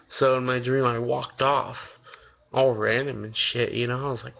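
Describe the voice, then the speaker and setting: A man's voice: medium pitch, level tone, moderate pace, gravelly, muffled recording. An eighteen-year-old man telling a long story in a casual vlog, rambling and swearing freely with lots of fillers. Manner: rambling, loose and profane, many fillers. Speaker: vlogger.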